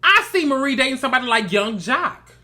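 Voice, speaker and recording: A man runs a reality TV recap, chatty and sassy. His voice is bright and forceful, and he keeps calling his listeners baby and girl. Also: very high voice, sing-song, a little fast. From Mississippi. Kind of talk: casual review commentary.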